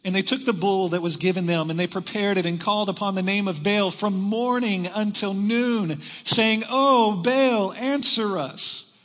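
High bright-voiced man preaching in a big hall. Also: moderate pace. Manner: dramatic storytelling, swings from loud to hushed. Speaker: pastor. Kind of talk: sermon. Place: large church hall.

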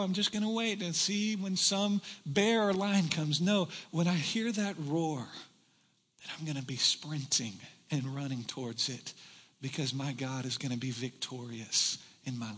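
A man preaching a sermon in a church, animated and joking with the congregation as he goes. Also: fairly high pitch, husky, big-room sound. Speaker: pastor. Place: church hall.

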